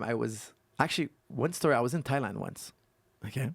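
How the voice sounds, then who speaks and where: A man who is a guest coach on a podcast, telling stories and explaining technique in an animated way that repeats points for emphasis. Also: medium pitch, unhurried, no echo. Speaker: guest martial arts coach. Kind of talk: casual podcast conversation.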